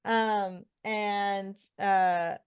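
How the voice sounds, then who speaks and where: Smooth-voiced woman recapping a book. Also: mid-range voice, extremely slow, dry recording. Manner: profane, animated retelling with quoted character lines. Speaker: podcast co-host. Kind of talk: casual book recap chat.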